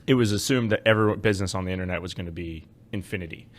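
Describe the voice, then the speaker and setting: A man co-hosting a finance podcast, talking in casual chat, wry and animated as he explains with frequent fillers. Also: low-pitched, very fast. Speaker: podcast co-host, investment adviser.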